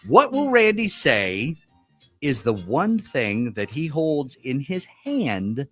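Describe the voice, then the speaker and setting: A male radio host who quizzes his contestant in a playful, joking way. His pitch swings widely from line to line. Soft music plays underneath. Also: wildly swooping pitch, drawn-out words. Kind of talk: radio game show hosting.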